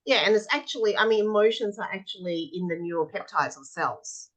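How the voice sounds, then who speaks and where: In a brisk, medium-pitched voice, a tapping practitioner guesting on a podcast gives a conversational explanation. She tells her stories animatedly, performing the children's answers as she goes.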